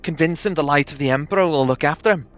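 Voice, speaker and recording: Guy playing a woman medic, urgent and pushy, bright voice. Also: on the high side, fast talker, faint music behind, lightly acted. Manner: urgent, persuasive. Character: earnest woman soldier-medic consoling a corporal.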